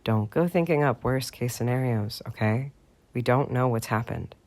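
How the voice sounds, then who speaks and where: A man voicing a calm young man gently talking a friend through panic in an audiobook. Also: mid-range voice, moderate pace, lightly acted. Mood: soothing. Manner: gentle, reassuring.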